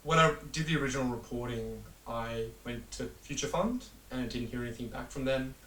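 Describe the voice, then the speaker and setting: A man's voice: medium pitch, brisk, a bit bright. A man working as a journalist explains his reporting in a rambling, conversational way, full of fillers and little asides. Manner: rambling with many fillers, laughs at absurdity. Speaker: journalist being interviewed. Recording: roomy echo, distant mic, faint hiss.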